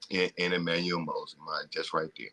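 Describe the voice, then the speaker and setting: A man co-hosting a casual sports podcast, talking in a halting way with many pauses to gather his words. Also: low voice, level tone, bright, forceful tone. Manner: halting, with many ums and restarts. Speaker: podcast co-host.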